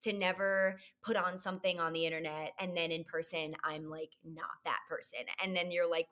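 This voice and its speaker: A woman's voice: on the low side, animated, a little fast, few pauses, a bit bright. A young woman guest on a podcast, bubbly and effusive in casual chat.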